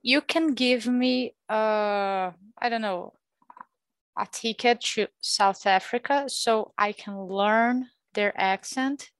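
A woman's voice: on the high side, clean tone. A woman co-hosting a language show in casual chat, speaking carefully. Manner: careful, tries lines slowly. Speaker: co-host.

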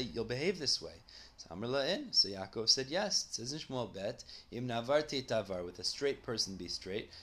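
A man's voice: mid-range voice, pushed and bright. A man teaching a Talmud study lesson, who reads each line aloud and then explains it in English.

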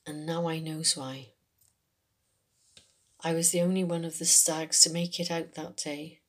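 A woman reading a first-person short story, telling it in an unhurried, conversational way in a working man's dialect. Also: deep voice, little pitch movement. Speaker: story reader.

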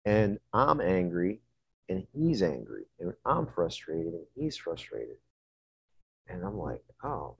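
A man telling a story in conversation, profane and animated, acting out scenes as he goes. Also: low-pitched, creaky, slightly rough, dry recording, lo-fi sound.

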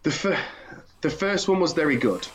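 A man's voice: on the high side, animated, moderate pace, a little hiss or hum. A man in casual podcast chat who talks hesitantly, often repeating himself and trailing off. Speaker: podcast co-host.

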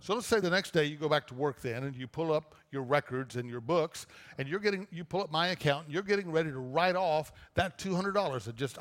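Conversational preacher in a reverberant church. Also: male voice, a little high, fairly quick, fairly bright tone. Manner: conversational preaching with repeated restarts. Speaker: pastor. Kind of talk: sermon. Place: church auditorium. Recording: long reverb of a church auditorium.

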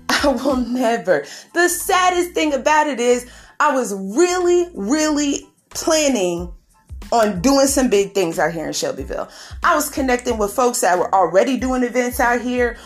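A woman's voice: on the high side, very animated, a little slow, soft background music. A woman, venting angrily in a podcast monologue, swearing and laughing. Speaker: podcast host.

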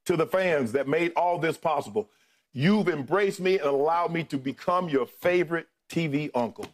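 A man's voice: fairly high pitch, moderate pace. A middle-aged man delivering an on-air farewell as co-host, thanking colleagues one by one while holding back tears. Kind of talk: emotional on-air farewell speech.

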